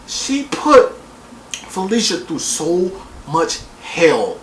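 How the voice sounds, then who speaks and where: A woman recapping a reality TV episode in a casual vlog, profane and animated, acting out quotes in exaggerated voices. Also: medium pitch, slow pace, slight background noise. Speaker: TV show reviewer. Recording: roomy echo.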